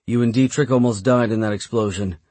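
A man voicing a stern woman military captain who speaks with calm, condescending sympathy. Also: medium pitch, brisk, no echo, close to an everyday voice. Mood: coolly dismissive.

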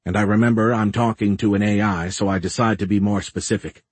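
Low, husky male audiobook narrator. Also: steady tone, fast, no room sound. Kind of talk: first-person audiobook narration.

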